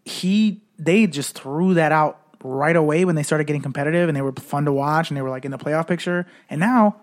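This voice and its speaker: A man's voice: a little high, fairly quick. A man co-hosting a podcast, chatting casually and loosely about basketball, swearing and saying "like" and "dude" a lot. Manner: loose, profane, lots of "like" and "dude". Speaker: podcast co-host.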